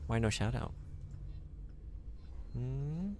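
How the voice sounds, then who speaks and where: A man's voice: medium pitch, animated, drawn-out words, background noise. A male streamer chatting casually with viewers while thinking aloud through a game. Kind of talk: casual live-stream gameplay chat.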